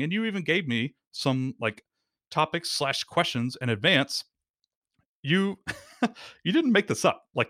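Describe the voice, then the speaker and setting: A man guest on a podcast explains step by step, his voice swinging up and down with energy as he acts out quotes. The mid-pitched voice is recorded close and dry, with no room sound. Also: dry recording. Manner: animated, quick explainer acting out quotes. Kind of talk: casual podcast conversation.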